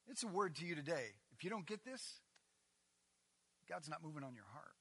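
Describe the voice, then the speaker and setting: A man preaching a sermon, animated and emphatic, swinging between loud declarations and hushed asides. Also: fairly high pitch, normal speed, pauses often, husky, big-room sound.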